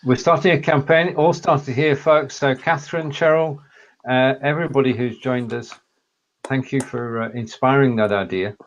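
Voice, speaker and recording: Host with a dull, lo-fi sound. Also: male voice, medium pitch, fairly even intonation. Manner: reads out viewer comments, quick and upbeat. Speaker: show host. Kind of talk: live online show chat.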